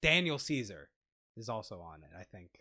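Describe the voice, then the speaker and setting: A fairly low-pitched man with a sharp tone sounds very animated at a normal speed. As co-host of an easygoing movie podcast, he rambles playfully and keeps breaking off to restart his sentences, speaking into a lavalier mic.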